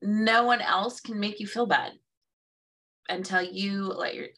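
A woman's voice: medium pitch, fairly even intonation, a little slow, fairly bright tone, recorded from a distance. A woman co-hosting a casual conversation, who acts out quoted reactions and laughs at herself. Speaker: co-host.

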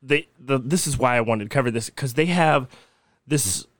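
A man's voice: medium pitch, moderate pace, dry recording, clean studio sound. A young man co-hosting a casual podcast, laughing often and swearing freely as he tells a spooky story. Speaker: podcast co-host.

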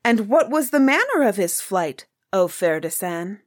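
A woman reading aloud, voicing a proud, quick-tempered king who speaks in a commanding, impatient way. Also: medium pitch, big pitch swings, dry recording, clean studio sound. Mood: imperious.

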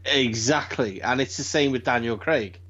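A British man in casual chat, rambling and animated, swearing freely and restarting his sentences. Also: medium pitch, normal speed, husky. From Britain. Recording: dull lo-fi sound.

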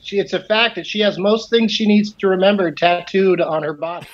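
A man co-hosting a podcast, throwing in quick jokes. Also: high-pitched, highs cut off, very noisy. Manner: joking, quick one-liners. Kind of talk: casual chat.

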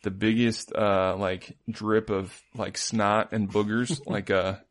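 A man's voice: fairly low pitch, level tone, slow. A man co-hosting a podcast, chatting casually and telling rambling, playful stories full of "like"s. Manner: rambling, playful storytelling with many "like"s. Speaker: podcast co-host. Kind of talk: casual chat.

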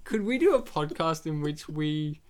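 A man's voice: on the high side, animated, moderate pace, a little mellow, smooth. Joking man co-hosting a podcast. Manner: joking, swearing, laughing often. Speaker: podcast co-host. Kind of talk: casual film commentary chat.

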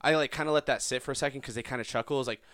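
A man's voice: medium pitch, steady tone, very fast, fairly bright tone, no room sound. A young man in casual chat, rambling with lots of filler words and frequent swearing.

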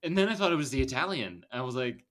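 A podcast co-host with a mid-range, fairly bright voice talks fast and expressively. He discusses a film casually and meanders, with plenty of fillers and restarts.

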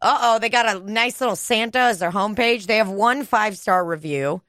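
A woman's voice: mid-range voice, fairly quick, fairly bright tone, no room sound, clean studio sound. A woman co-hosting a casual podcast chat, rambling and crude, often trailing off and restarting. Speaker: podcast co-host.

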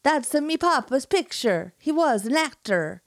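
A woman voicing an excitable young Italian man with a hammed-up put-on Italian accent and a sing-song, broken delivery. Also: extremely high pitch, a little slow, no echo, studio quality, voice pushed up, full character voice. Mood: fretful. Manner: exaggerated sing-song, dropped articles.

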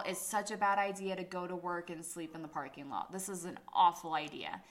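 A woman podcast co-host telling a funny story in casual chat, swearing a lot and acting out quotes loudly. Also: fairly low pitch, brisk, hardly any pauses. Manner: animated, swearing often, acts out quotes loudly.

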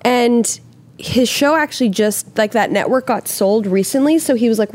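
Animated woman acting out quotes. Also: a little high, moderate pace. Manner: animated, acts out quoted voices, swears casually. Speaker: actress and interview guest. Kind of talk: candid conversational interview answers.

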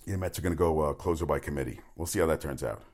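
A man with a very deep, slightly mellow voice races through a sports talk show monologue, rambling bluntly from topic to topic with frequent restarts and swearing.

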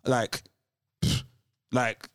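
A man co-hosting a podcast in casual chat, animated, often restarting his sentences. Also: very slow, dry recording, studio quality. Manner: animated, restarts often, laughs between points. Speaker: podcast co-host.

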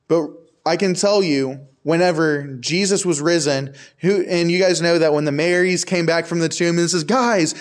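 Casual young male youth preacher. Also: on the high side. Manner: casual, repetitive "I can tell you" asides to the crowd. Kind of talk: conversational sermon.

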